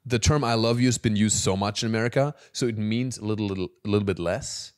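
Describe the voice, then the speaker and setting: A man's voice: fairly low pitch, fast talker, darkish tone, smooth. A man with a German accent, hosting a podcast and talking candidly and reflectively in casual conversation. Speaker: podcast host.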